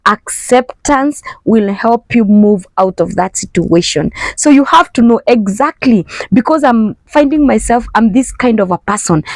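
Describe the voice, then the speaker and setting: A woman's voice: medium pitch, a little mellow, dry recording, rough recording. A middle-aged woman, a mother, talking earnestly about emotional neglect, repeating her points for emphasis and acting out inner voices. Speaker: foster mom and parenting speaker. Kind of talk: earnest talk to camera.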